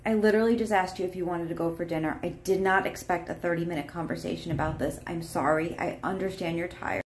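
A woman playing a calm partner who speaks softly and asks politely for the shouting to stop. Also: lowish voice, fast talker, natural voice. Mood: firm. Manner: soft, careful and apologetic, asking politely. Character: calm, pleading partner trying to stay polite. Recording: roomy echo.

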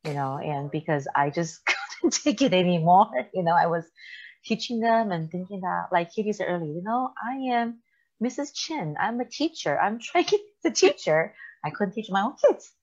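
A woman's voice: on the low side, animated, normal speed, darkish tone, dull audio. A woman co-hosting a church talk show, telling stories with laughter and acted quotes. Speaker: podcast co-host. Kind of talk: casual chat.

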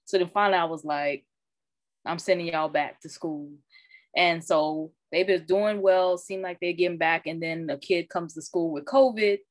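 A woman who is a parent and social worker, talking candidly and colloquially in casual chat, animated when she retells what others said. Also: on the low side, no room sound. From Arizona. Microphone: video call.

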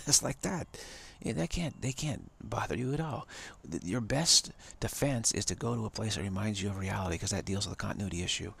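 Gravelly-voiced man giving an emphatic talk. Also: fairly low pitch, fairly quick, fairly bright tone. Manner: emphatic, repeats phrases, chuckles often. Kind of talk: live-streamed spiritual talk.

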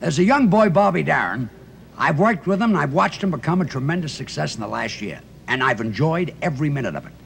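Gravelly older man, halting comic stammer. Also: fairly high pitch, very animated. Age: 60s. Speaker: variety show host. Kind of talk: comedy sketch and stage introductions. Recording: loud hiss, old TV broadcast audio.

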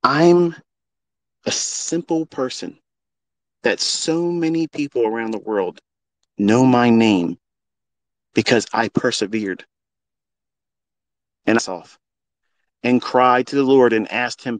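A middle-aged trading mentor hosts a live audio space, talking into a phone in an unscripted, heartfelt monologue that is passionate, preachy and bluntly sweary. His medium-pitched voice is slow, with long pauses, and there's no echo.

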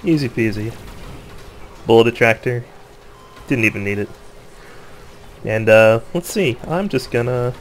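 A man at a middle pitch chats loosely over his own gameplay, laughing easily and poking fun at himself. His voice turns excitable in the busy moments, and a faint hiss of noise sits under the recording. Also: moderate pace, long pauses. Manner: laughs often, excitable, joking, self-mocking. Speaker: gamer commentating his own play. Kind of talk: casual gameplay commentary.

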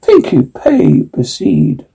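A man putting on a brisk, commanding detective. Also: a little high, wildly swooping pitch, gravelly, dark tone, husky, full character voice, rough recording. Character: sharp-minded male detective, brisk and commanding.

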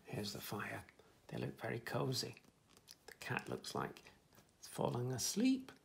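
A man reading a children's picture book aloud in a gentle, expressive way. His voice is slow and gravelly, swinging widely in pitch as he tells the story. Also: slight background noise.

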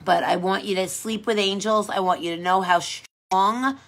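A woman's voice: medium pitch, a little slow, few pauses, a bit bright. A woman who works as a pedicure technician, chatting casually on a livestream in a sassy, playful way and laughing often.

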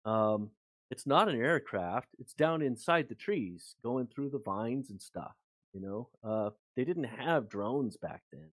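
Man, mid-pitch, casual rambling storyteller, dry close mic. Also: slow pace, no room sound. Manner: rambling, animated anecdote with many fillers. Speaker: guest author and researcher.

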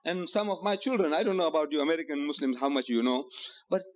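A man from lectures a hotel-hall audience in a fairly high voice. He is emphatic, throwing out rhetorical questions and repeating key phrases to press each point. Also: fast, a little hiss or hum. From South Africa. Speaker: Islamic lecturer.

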